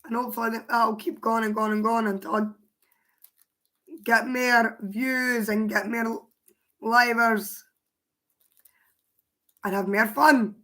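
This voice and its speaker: Hoarse Scottish woman chatting on a livestream. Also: fairly high pitch, fairly even intonation, takes it slowly, pauses often, pushed and bright. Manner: chatty, answers viewers' chat aloud. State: hoarse, voice mostly gone. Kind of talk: casual livestream chat.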